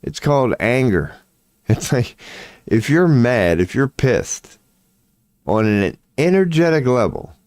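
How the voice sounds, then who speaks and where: A man's voice: medium pitch, sing-song, slow, darkish tone, no room sound, studio quality. A tired man rambling indoors at home in a late-night vlog, profane, slangy and laughing at himself. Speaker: vlogger.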